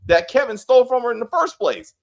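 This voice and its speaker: A man co-hosting a casual spoiler review, animated and exasperated, swearing freely and acting out scenes. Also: very high voice, quick pace, creaky, highs cut off. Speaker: movie review co-host.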